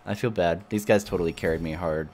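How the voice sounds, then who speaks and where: A man's voice: deep voice, fairly even intonation, fast talker, a little mellow, slight background noise. A man streaming a game, talking casually to himself, swearing freely, laughing and groaning at what he finds. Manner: swears freely, mutters to himself while playing; laughs often, groans at bad loot. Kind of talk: casual gameplay commentary.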